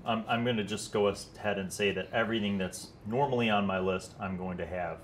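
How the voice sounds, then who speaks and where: A young man playing a rogue in a tabletop game, wry and scheming, with halting restarts. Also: on the low side, steady tone, a little hiss or hum. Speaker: player. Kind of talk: casual tabletop play.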